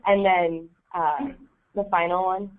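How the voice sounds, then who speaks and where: Woman trainer, lowish voice, chatty teaching manner with lots of "right?", thin lo-fi phone-like sound. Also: level tone, a little slow, a little hiss or hum. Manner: casual, many ums and rhetorical "right?". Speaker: volunteer trainer. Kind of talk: training session talk. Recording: tinny phone-like audio.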